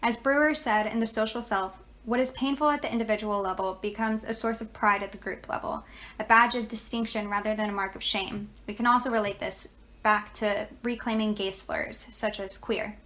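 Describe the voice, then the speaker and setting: A young woman student giving a read class presentation at a steady, note-reading pace. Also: mid-range voice, moderate pace.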